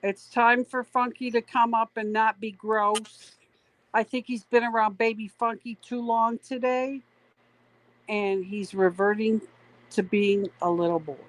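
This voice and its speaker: Slow-talking chatty woman. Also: on the high side, flat delivery, no room sound, poor audio. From Canada. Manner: chatty, drawn-out, reads chat aloud. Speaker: stream co-host. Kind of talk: casual late-night livestream chat.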